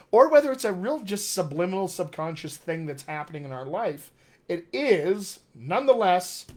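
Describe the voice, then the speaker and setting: Brief cheerful male dialect coach, slightly higher voice, live-stream teaching. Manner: upbeat, chatty, encouraging. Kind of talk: live-stream accent lesson reading comments.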